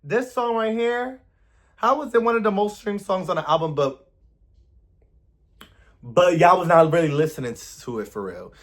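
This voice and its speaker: An expressive man hosts a music reaction in casual, chatty commentary. His voice sits somewhat high for a man, and he leans into words with playful emphasis. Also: normal speed, pauses often.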